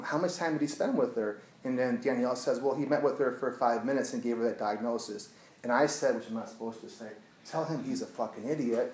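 In a rough recording from an echoey room, an addiction therapist earnestly recounts a client story to an audience, going hushed as he retells it. He has a mid-range voice.

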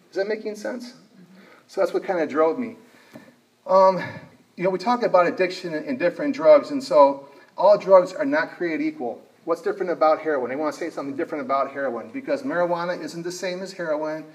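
A man tells a personal story to a live audience, stopping often to ask the room questions. His voice sits a little high for a man. The mic is some way off, so he sounds distant. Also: brisk. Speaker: speaker on addiction. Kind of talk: motivational talk to an audience.

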